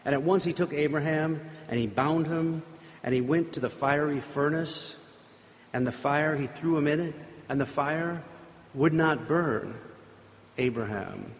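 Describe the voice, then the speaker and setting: A man's voice: fairly high pitch, unhurried. A man giving an informal sermon, retelling a Bible story in a conversational, rambling way with asides. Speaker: preacher. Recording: reverberant hall.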